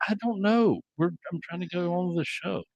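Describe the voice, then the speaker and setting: A man's voice: sits high, fairly quick, gravelly, darkish tone, dry recording, rough recording. A middle-aged man co-hosting a casual live-streamed travel tips show, rambling with restarts and jokes. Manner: rambling, stumbles and restarts, joking.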